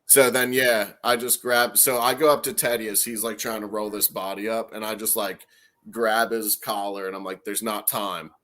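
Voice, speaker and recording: A man's voice: fairly low pitch, level tone, normal speed, a bit bright. A man playing a tabletop game, describing his character's actions in a laid-back, plain-spoken way. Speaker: player.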